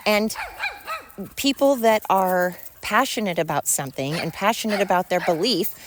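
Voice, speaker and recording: Sarcastic ranting woman podcaster. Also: mid-range voice. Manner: sarcastic, mocking rhetorical questions; indignant ranting. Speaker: podcast host. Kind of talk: opinionated solo podcast monologue.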